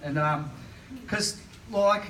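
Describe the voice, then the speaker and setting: A man's voice: fairly high pitch, slow pace. Rambling Australian man in his forties. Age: 40s. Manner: rambling, filler-heavy storytelling. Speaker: stand-up comedian. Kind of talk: stand-up comedy. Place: live comedy venue. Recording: echoey venue, distant mic, noisy. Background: audience laughter.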